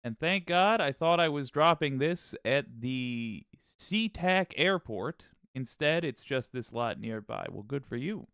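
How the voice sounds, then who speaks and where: A man's voice: medium pitch, expressive, a little slow, fairly bright tone, clear, resonant tone, no room sound, studio quality. A man hosting a casual live stream, greeting his viewers by name in an upbeat way and often restarting his sentences. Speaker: livestream host.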